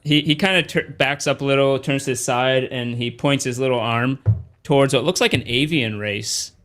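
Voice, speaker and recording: A man narrating a tabletop game as game master in a casual, halting way. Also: mid-range voice, a bit bright.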